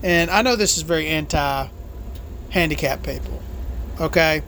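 A woman who drives a truck, hosting a solo podcast and complaining angrily, full of curses, with a lively, jumpy delivery. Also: deep voice, unhurried, slight background noise. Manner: profane, angry complaining.

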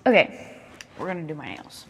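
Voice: medium pitch, sing-song, moderate pace, long reverb tail, slight background noise. A young speaker in their twenties with a Southern US accent, rambling casually and swearing often while moving around their bedroom. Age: 20s. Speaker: vlogger.

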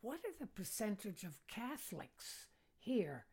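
A woman's voice: mid-range voice, big pitch swings, unhurried, mellow, husky. An older woman from the United States, a podcast guest, telling casual stories in a chatty way and laughing at her own anecdotes. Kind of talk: casual storytelling.

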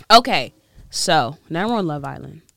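A woman's voice: deep voice, bright, forceful tone, slightly rough. A woman vlogger chatting casually and rambling, laughing often and trying out a weak British accent. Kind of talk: casual chat.

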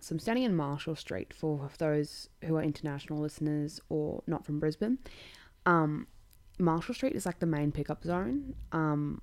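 Young Australian woman hosting a podcast; low, mellow voice, blunt sweary storyteller who laughs mid-sentence. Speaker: podcast host. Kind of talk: casual comedic storytelling.

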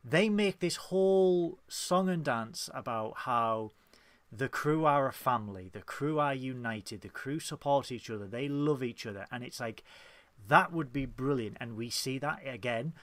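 A man co-hosting a casual fan podcast, talking with lively, mock-dramatic emphasis. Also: medium pitch, unhurried, no room sound. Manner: animated, mock-dramatic when ranting. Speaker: podcast co-host. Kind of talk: casual chat.

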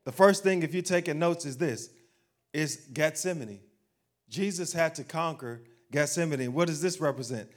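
Conversational preacher with a lively delivery. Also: male voice, a little high, moderate pace. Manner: conversational preacher, asking the crowd questions and acting out everyday voices. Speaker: pastor. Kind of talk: sermon.

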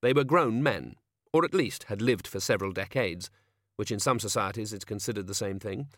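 A man narrating an audiobook with expressive, dry storytelling. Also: fairly low pitch, a little fast, no room sound. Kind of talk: scripted narration.

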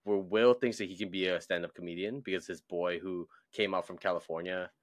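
A young man co-hosting a podcast in a casual chat, animated and laughing often. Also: sits low, brisk, no echo. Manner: animated, laughs often, acts out voices in stories. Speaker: podcast co-host.

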